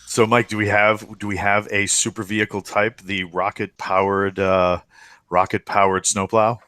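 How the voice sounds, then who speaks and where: A man's voice: on the low side, flat delivery, moderate pace, sharp tone, no echo. A man playing in a tabletop game, chatting casually with enthusiasm and laughing often. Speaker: player. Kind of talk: casual tabletop podcast chat.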